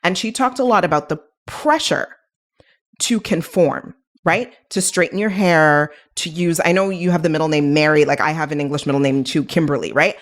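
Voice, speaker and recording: A woman's voice: low voice, normal speed. Chatty woman podcast host asking questions. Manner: chatty, warm questioning with many "like" and "right?". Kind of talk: casual interview chat.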